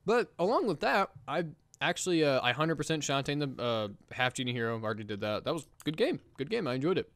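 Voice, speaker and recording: A man co-hosting a casual gaming podcast, talking fast and excitedly, laughing and mimicking game characters. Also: fairly high pitch, dry recording. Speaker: podcast co-host.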